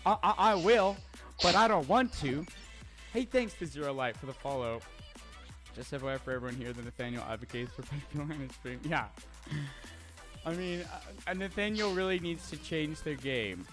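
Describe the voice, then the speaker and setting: A man's voice: medium pitch, animated, a little fast, over music. A young man streaming live, reading chat aloud and answering in a brash, profane way with lots of stammered restarts.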